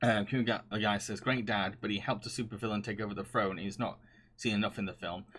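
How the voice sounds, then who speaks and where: A man's voice: fairly low pitch, steady tone, fast, a bit bright, slightly rough. A man streaming live, chatting casually and reading viewer comments, often laughing and gushing with frequent restarts.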